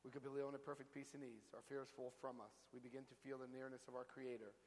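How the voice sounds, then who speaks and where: A man speaking to a recovery group, telling his own story with lively acted-out quotes. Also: mid-range voice, quick pace, long reverb tail, rough recording. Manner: storytelling, acts out quotes with big voice jumps. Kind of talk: animated personal talk to a group.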